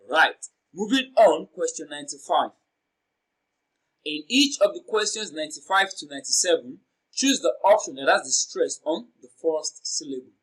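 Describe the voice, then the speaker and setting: A man tutoring students through exam questions with a slightly high voice. He speaks slowly and carefully and repeats words to drill the stress. He stretches the stressed syllables so they come out louder and longer. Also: poor audio.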